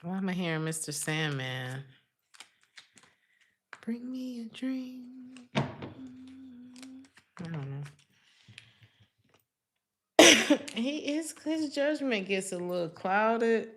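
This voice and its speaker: A woman's voice: lowish voice, expressive, slow, long pauses, fairly bright tone. A woman giving a live-streamed tarot reading in a casual, chatty way, calling the viewer honey. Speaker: tarot reader.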